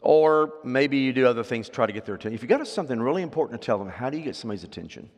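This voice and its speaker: Male pastor, lively sermon delivery, medium pitch, long hall reverb. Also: very fast. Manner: lively, rising to loud emphatic readings then dropping to quiet asides; asks the congregation questions.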